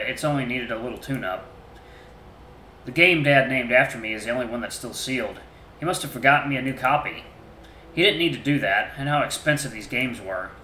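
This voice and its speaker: A man's voice: mid-range voice, pushed and bright, slight background noise. A man reading a story game aloud in first person, earnest and emotional, now and then restarting a phrase. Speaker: game streamer. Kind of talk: reading a visual novel aloud. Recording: roomy echo.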